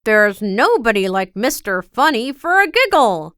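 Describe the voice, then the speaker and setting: A cheery, self-satisfied storybook man, put on by a woman reading aloud, hearty and bouncy. The voice sits fairly high and swings lively. The sound is smooth and dry. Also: a little slow, no echo. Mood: encouraging.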